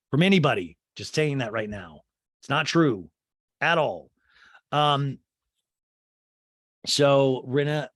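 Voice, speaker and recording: A man's voice: mid-range voice, no echo, clean studio sound. A man hosting a comedy podcast, recapping a reality show with sarcastic, profane asides and exaggerated mimicked quotes. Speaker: podcast host.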